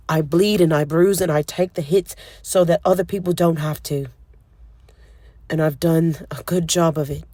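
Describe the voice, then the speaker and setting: Woman doing a hurt young guy, low and resigned, slow and dry. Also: no echo. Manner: quiet, low, resigned delivery. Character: guarded, resigned young man, bitter and hurt. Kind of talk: audiobook character voice.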